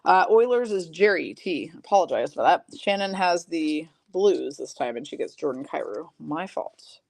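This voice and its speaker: A woman hosting a live card break, rattling off player and team names and chatting casually with viewers between pulls, clearing her throat now and then. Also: sits low, animated, moderate pace, a little mellow.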